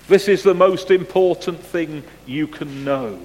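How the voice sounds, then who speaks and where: A man preaches to his congregation, chatty and gently humorous as he works through clues and asks questions. His voice sits a little high and he takes his time over each phrase. Long reverb from the church hangs around every word. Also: a little slow, few pauses. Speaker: pastor. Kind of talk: sermon with picture-clue quiz.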